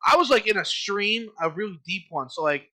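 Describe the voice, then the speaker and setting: A young man co-hosting a casual podcast chat, telling stories in an animated way and acting out his own panicked quotes. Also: sits high, brisk. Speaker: podcast co-host.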